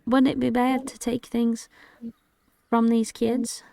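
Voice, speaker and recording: A woman's voice: on the high side, level tone, slow, creaky, dark tone, dry recording. A woman playing a sweet, childlike scarecrow man. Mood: cheerful. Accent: British. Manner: sweet, hesitant, innocent. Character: gentle childlike male scarecrow with stuffing. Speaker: dungeon master.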